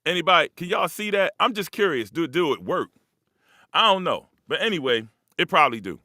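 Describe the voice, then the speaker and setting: A man's voice: on the high side, very animated, fairly quick, bright, forceful tone, no echo, clean studio sound. Profane, rambling man hosting a live talk. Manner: loose, profane, rambling, streetwise. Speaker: host. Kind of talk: casual monologue to a live audience.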